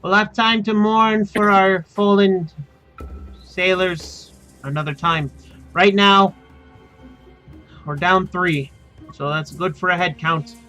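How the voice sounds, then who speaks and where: A man's voice: high-pitched, steady tone, takes it slowly, long pauses, bright, forceful tone, faint music behind, voice pushed up, heavily acted. A man voicing a stern, practical female ship captain giving orders to her crew in a tabletop game. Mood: commanding. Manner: firm, commanding orders to the crew.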